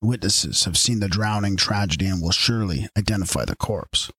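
A man's voice: sits low, lively intonation, a little fast, a bit bright, breathy edge, full character voice. A man reading aloud as the solemn spokesman of a secret order, delivering formal pronouncements. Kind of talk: audiobook reading.

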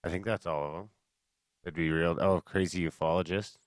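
A man with a very low voice co-hosts a podcast in loose, casual chat. He jokes and swears freely, riffing on his partner's words. The sound is close and dry, with no room around it. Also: fairly even intonation, brisk, no room sound. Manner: joking, profane banter. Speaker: podcast co-host.

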